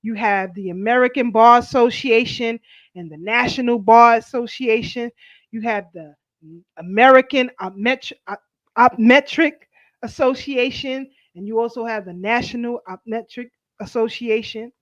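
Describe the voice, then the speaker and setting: A woman hosting a casual commentary show, reading viewer comments and speaking in an animated, preachy way. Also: fairly high pitch, normal speed, no echo. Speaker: host. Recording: dry, dull lo-fi sound.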